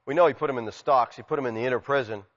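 A man preaching a sermon, animated, acting out quotes and swinging from loud shouts to quiet asides. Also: medium pitch, rapid-fire. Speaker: pastor. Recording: muffled sound with long hall reverb.

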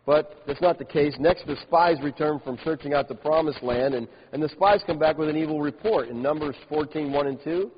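A man's voice: fairly high pitch, fairly quick, few pauses. Male pastor preaching in a big hall. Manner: animated, mocking the complainers with laughs and exaggerated quotes. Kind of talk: sermon with scripture reading. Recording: dull lo-fi sound in a large reverberant hall with faint hiss.

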